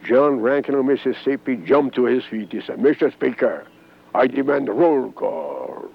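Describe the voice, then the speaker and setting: A man's voice: mid-range voice, expressive, normal speed, creaky. An older man from Corsica, a former congressman, telling his own story in an oral history interview and acting out the dialogue he quotes. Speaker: former congressman recalling events. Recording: dull archival interview tape.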